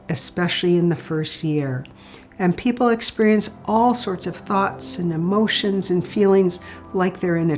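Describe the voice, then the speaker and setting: A woman giving an instructional talk on supporting grieving people, speaking in a calm, gentle and measured way. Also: on the low side. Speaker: grief support educator.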